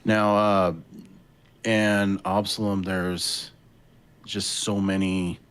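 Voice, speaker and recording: A man's voice: low voice, little pitch movement, very slow, fairly bright tone, smooth. A man co-hosting a gaming podcast, talking casually with swearing and restarts. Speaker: podcast co-host.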